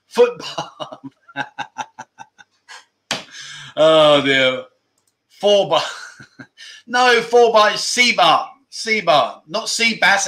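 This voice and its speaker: A man's voice: on the high side, pushed and bright. A man from England hosting a casual livestream, reading out viewer comments and laughing often between lines. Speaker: livestream host.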